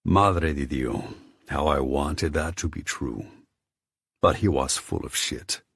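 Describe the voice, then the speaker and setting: A male audiobook narrator with a very low, husky voice reading first-person dark romance. The recording is close and dry, with no room sound. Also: unhurried, no room sound. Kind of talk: scripted narration.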